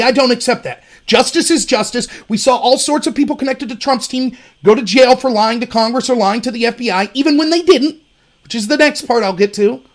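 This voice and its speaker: High, animated male political commentator. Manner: animated, sarcastic, mimics opponents mockingly. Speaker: host.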